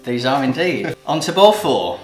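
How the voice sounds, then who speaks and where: A man's voice: mid-range voice, big pitch swings, normal speed. A man hosting a wine channel, presenting a pronunciation quiz in an upbeat, jokey way. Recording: roomy sound with light music.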